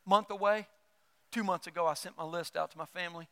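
Guy preaching, high bright voice, jokes around and does little voices, big hall echo. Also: a little fast. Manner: animated, acts out quoted voices and jokes. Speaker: pastor. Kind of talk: sermon.

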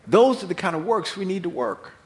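A man preaching a sermon, telling the story with animated delivery, acted-out voices and repeated words. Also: high-pitched, brisk.

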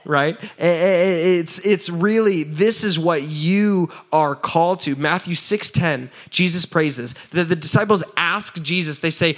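A man preaching a sermon as pastor, energetic and chatty, asking the crowd for answers and often adding "right?". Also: fairly high pitch, unhurried, few pauses. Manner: laughs often, repeats "right?".

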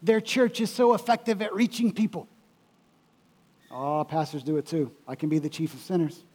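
A male pastor with a high-pitched voice preaches in church. He is emphatic and repeats key phrases for weight. He swings from loud to quiet as he drives his points home. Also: moderate pace, breathy edge. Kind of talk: sermon.

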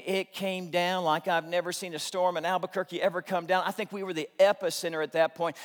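A man preaching a humorous sermon, telling a story with dramatic flair and shouted punchlines. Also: high voice, long reverb tail. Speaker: pastor.

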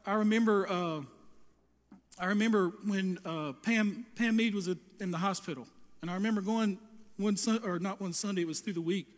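A high-pitched man preaching with fervour in a church sanctuary, his voice trailing off into a long reverb from the hall around him. He often trips over and restarts his phrases. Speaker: pastor. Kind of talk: sermon.

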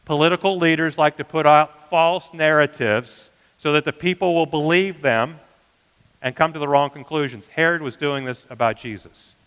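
A man preaching a sermon as pastor, earnest, often dropping to a hushed emphasis. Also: a little high, moderate pace, smooth, in a large hall, rough recording.

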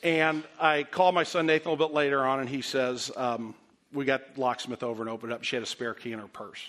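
A middle-aged man preaching a sermon as pastor, telling a story with self-deprecating humor and then turning soft and earnest. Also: mid-range voice, steady tone, a little fast.

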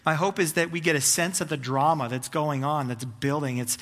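A male pastor preaching with a high, bright, forceful voice. He stacks clause on clause in fervent, building runs. His voice rings with the long reverb of a large hall. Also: fairly even intonation, fairly quick. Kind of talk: sermon.

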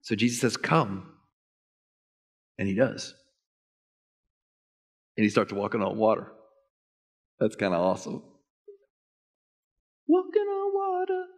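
Animated pastor preaching in a big hall. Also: male voice, unhurried, pauses often, husky. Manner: animated, rising to high excited emphasis. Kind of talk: sermon.

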